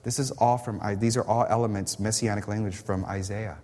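A man's voice: fairly low pitch, steady tone, brisk, a little mellow. A man preaching a sermon as a pastor, impassioned and emphatic, repeating words as he builds his points. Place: church sanctuary. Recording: echoey hall reverb.

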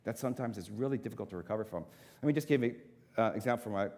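A man's voice: on the low side, racing, darkish tone. A man preaching a sermon, repeating words for emphasis and turning to the congregation with casual asides. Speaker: pastor. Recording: long hall reverb.

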